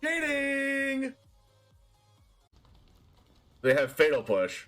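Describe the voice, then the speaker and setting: Guy streaming a card game, really high voice that jumps all over, gets loud and laughs a lot. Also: drawn-out words, soft background music. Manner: excitable, laughs and shouts at plays. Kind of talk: live gameplay commentary.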